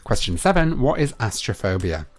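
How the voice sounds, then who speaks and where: A young man hosting a live online quiz. He reads each question twice, slowly and with emphasis, and chats playfully between questions. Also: on the low side, big pitch swings. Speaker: quiz host.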